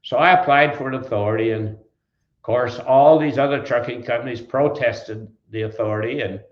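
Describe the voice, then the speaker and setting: An older Wisconsin man who started a trucking company reminisces about his early days as an interview guest, speaking at normal speed with medium pitch. The stories are folksy and rambling, full of restarts and drifting from one anecdote to another. There's echo in the room and the recording sounds slightly dull.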